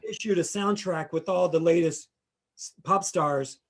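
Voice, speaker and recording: Rambling man with a high voice, storytelling. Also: measured pace. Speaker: podcast host. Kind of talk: casual chat.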